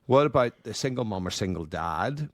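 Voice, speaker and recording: A man hosting a podcast, asking questions in a halting way with frequent restarts. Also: lowish voice, lively intonation, no echo. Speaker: podcast host. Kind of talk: interview questions.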